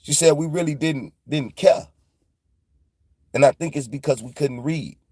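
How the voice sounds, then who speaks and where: A man's voice: a little high, unhurried, mellow, breathy edge, no room sound, studio quality. A man, telling a loose, profane story in a casual monologue and retelling dialogue in quotes. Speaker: podcast host.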